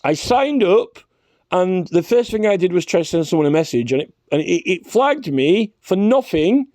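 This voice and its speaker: A man's voice: high-pitched, expressive, moderate pace, darkish tone, no room sound, studio quality. A man delivering a rambling, profane rant straight to camera, checking in with a constant "right?". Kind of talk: ranting vlog monologue.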